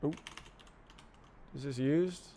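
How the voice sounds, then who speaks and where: A man's voice: on the high side, slow pace, warm tone, slight background noise. A man streaming live while he programs, muttering to himself and tossing in playful nonsense words. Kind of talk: thinking aloud while programming.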